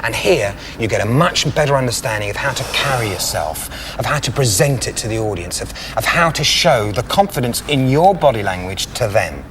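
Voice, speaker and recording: A man working as a singing coach, talking in an animated, encouraging way. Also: mid-range voice, brisk, hardly any pauses, a little hiss or hum. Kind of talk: coaching session.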